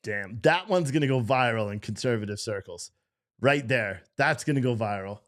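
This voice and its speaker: A man's voice: medium pitch, animated, normal speed. Profane, mocking male live streamer. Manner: profane, mocking, reacts loudly to what he reads; chats with viewers in the chat. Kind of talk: casual live stream commentary reading posts aloud.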